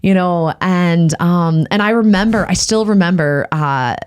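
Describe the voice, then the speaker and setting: A woman's voice: fairly low pitch, a little slow, darkish tone, smooth. A woman in her thirties talking candidly and animatedly with her husband, laughing as she retells hard times. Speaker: podcast guest, host's wife. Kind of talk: casual conversational storytelling.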